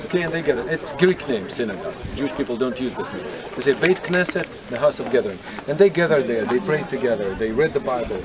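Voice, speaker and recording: A man gives a guided tour outdoors, explaining in a conversational way and often checking in with his listeners. His voice is mid-pitched, and the chatter of a crowd carries clearly behind him. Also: animated, fast, hardly any pauses. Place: outdoors at a historic site. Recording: outdoor recording with crowd noise.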